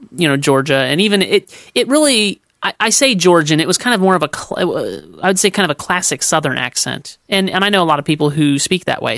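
A man's voice: fairly high pitch, vocal fry, a bit bright, no echo, studio quality. A man co-hosting a movie podcast, giving candid opinions in a casual chat and often stammering and restarting his sentences. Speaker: podcast co-host. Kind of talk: casual movie review discussion.

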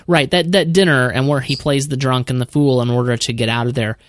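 A man's voice: mid-range voice, fairly even intonation, brisk, no echo, clean studio sound. A man with a Midwestern accent hosting a podcast, chatting casually about movies with lots of restarts and repeated words. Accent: Midwestern American. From American Midwest. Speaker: podcast host. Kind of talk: casual movie review chat.

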